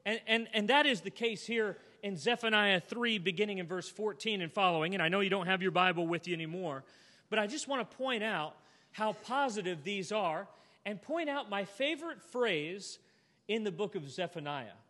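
A man preaching a sermon to a church congregation, earnest and heartfelt, ending in a gentle invitation. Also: high-pitched. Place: church auditorium. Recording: long hall reverb.

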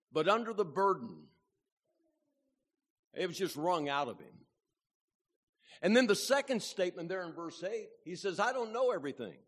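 Male preacher, high voice, unhurried sermon delivery, hall echo. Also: a bit bright. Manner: slow, deliberate preaching with rhetorical questions. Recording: long hall reverb.

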